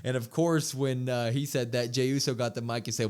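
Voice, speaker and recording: A man co-hosting a wrestling podcast, retelling a show in a casual, animated way and acting out the quotes. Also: medium pitch, fairly quick. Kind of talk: casual recap chat.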